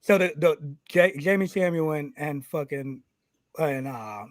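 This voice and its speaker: Profane storytelling wrestler, dry close sound. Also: male voice, on the high side, a little slow, dry recording. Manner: animated, profane, acts out quotes. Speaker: pro wrestler telling a story on a podcast. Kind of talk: casual storytelling.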